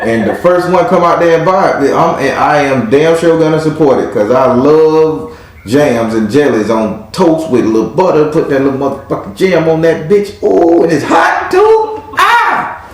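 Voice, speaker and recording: A man's voice: on the high side, normal speed, a little mellow. A man giving a live tarot reading in a blunt, profane, hyped-up way. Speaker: tarot reader. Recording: very echoey room.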